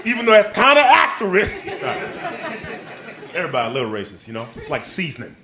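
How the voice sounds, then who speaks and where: Excitable comedian, high lively voice. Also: male voice, moderate pace. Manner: excitable, jumps into high squealing quoted voices. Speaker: stand-up comedian. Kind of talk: live stand-up set with crowd work. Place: comedy club stage before a live audience. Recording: live club recording with crowd laughter and noise.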